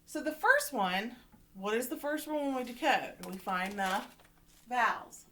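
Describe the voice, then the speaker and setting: A woman's voice: on the high side, animated, a little slow, a bit bright, slight background noise. A woman teacher giving a phonics lesson to young children from home, encouraging and often checking in with "right?".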